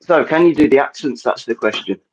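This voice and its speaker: A man's voice: mid-range voice, lively intonation, fairly quick, muffled recording, a crowd in the background. A man chatting playfully and teasing his co-host during a casual stream. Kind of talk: casual banter.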